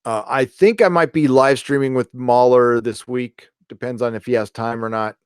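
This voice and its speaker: A man's voice: mid-range voice, fairly even intonation, normal speed, clean tone, no echo, studio quality. A middle-aged man hosting a live stream, chatting casually in a rambling, joking way and reading viewer donations aloud.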